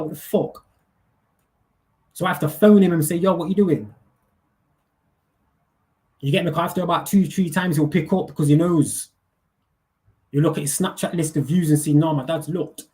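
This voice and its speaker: A man's voice: on the high side, darkish tone. A middle-aged man, ranting casually and profanely on a livestream in heavy street slang. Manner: heated, profane, slangy, keeps asking "you get me".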